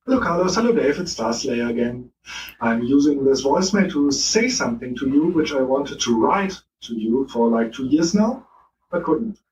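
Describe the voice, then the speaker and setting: A man's voice: medium pitch, animated, moderate pace, darkish tone. A man leaving a friendly voicemail for a podcast, a little hesitant with fillers. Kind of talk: voicemail message. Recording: echoey distant voicemail with faint background hum.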